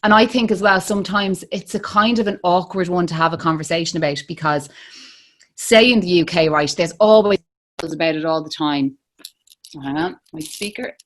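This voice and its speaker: A woman's voice: lowish voice, normal speed. Chatty Irish woman hosting a podcast. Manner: chatty, rambling, many restarts and fillers. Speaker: podcast host. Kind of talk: casual interview chat.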